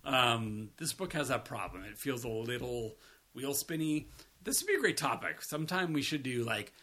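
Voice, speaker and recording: A man's voice: medium pitch, big pitch swings, moderate pace, pushed and bright. A man co-hosting a podcast, chatting casually in a rambling style and swearing now and then. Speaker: podcast co-host. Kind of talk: casual review chat.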